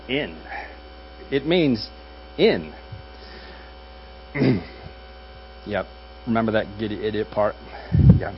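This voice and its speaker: A man's voice: fairly low pitch, expressive. Pastor, man, wry conversational sermon delivery, muffled take with light hum. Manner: conversational and wry, with dry jokes and pauses. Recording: dull audio with faint mains hum.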